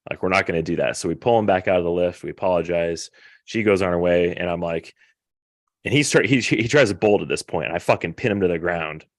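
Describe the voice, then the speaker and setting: Deep-voiced man telling a profane war story. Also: fast talker, no room sound, clean studio sound. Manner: profane, rambling, animated retelling. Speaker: podcast host. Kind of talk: casual storytelling.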